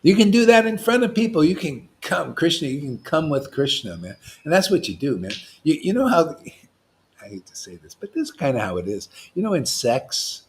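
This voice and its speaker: In an informal devotional talk, a male spiritual teacher goes from booming bursts to hushed asides, laughing frequently and staying animated and provocative. His voice is medium-pitched at a moderate pace, and the recording has a little hiss or hum.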